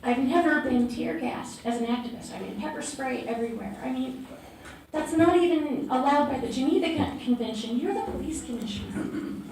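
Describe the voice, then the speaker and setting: A woman activist giving unplanned testimony at a city council meeting. She is trembling and emotional, and she speaks haltingly with many fillers and restarts. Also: high-pitched, darkish tone. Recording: echoey council chamber from far off, with background noise.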